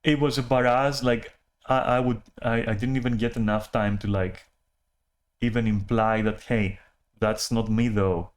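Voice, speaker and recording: A man's voice: medium pitch, level tone, normal speed. A man talking in a casual rambling monologue, often apologizing, laughing and swearing as he restarts his sentences. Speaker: channel host.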